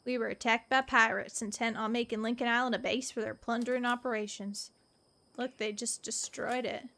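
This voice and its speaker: A young woman from the American South streaming a point-and-click game, excitable and jokey, laughing and gasping often. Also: on the high side, brisk, vocal fry. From Southern United States. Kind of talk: casual gameplay commentary. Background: faint game music.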